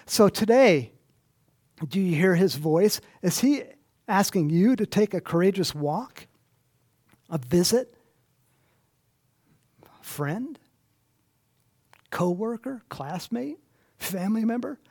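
Male pastor, loose chatty sermon, jokes at his own expense, a bit high-pitched. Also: animated, slow pace, long pauses, darkish tone. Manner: chatty, self-deprecating, laughs often. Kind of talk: conversational sermon.

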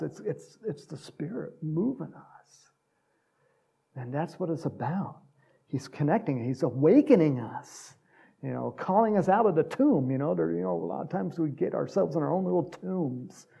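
Gravelly-voiced man teaching the Bible. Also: fairly high pitch, a little mellow, lo-fi sound. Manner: conversational, many fillers, chuckles. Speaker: Bible study leader. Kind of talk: casual sermon.

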